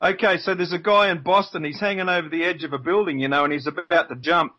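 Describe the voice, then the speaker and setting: A man's voice: a little high, steady tone, quick pace, pushed and bright. A male host in a casual interview, friendly and a bit hesitant with fillers. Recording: dull lo-fi line.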